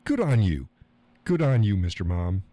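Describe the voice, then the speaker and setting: Chuckling drawl man, dark voice. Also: fairly low pitch, very animated, moderate pace, no room sound. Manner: chuckling, rambling, joking with profanity. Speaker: live stream host. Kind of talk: casual chat reading viewer comments.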